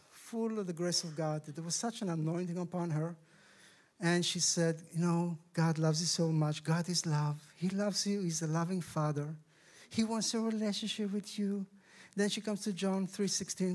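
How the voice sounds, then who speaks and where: A middle-aged Israeli man, a guest speaker sharing his testimony in a sermon, telling the story with lively acted-out dialogue. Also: high-pitched. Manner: animated storyteller, acts out dialogue with raised voices. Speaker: guest speaker, ministry director.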